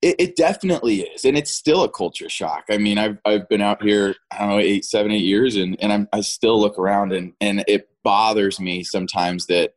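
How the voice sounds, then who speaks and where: Laughing, chatty man with a low voice. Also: a little fast, few pauses. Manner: chatty, laughs often, many restarts. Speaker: actor guest. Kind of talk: casual interview chat.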